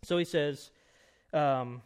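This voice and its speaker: A man in his thirties, a pastor teaching at a conference breakout session in a casual, emphatic way, full of quick asides and rhetorical questions. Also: a little high, clean tone. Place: conference room.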